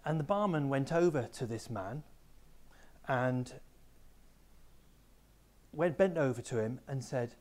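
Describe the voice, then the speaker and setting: A man's voice: medium pitch, lively intonation, slow, pauses often, a little mellow. A man, a teacher giving a school assembly talk, explaining ideas plainly and speaking directly to pupils. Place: school room with a small live audience.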